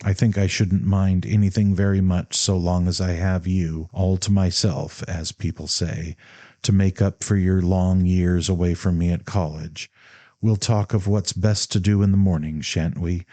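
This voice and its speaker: Loving mother in an audiobook letter, a man reading her: low, warm, gentle, subdued. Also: little pitch movement, a little slow, no echo. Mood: tender. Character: tender, devoted middle-aged mother writing to her son.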